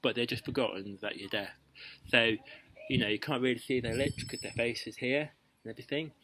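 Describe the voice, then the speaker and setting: A man's voice: medium pitch, steady tone, a little fast, pushed and bright, a little hiss or hum, poor audio. A young man giving casual, playful dating advice to camera, chatty and full of ums and restarts. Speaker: vlogger giving dating tips.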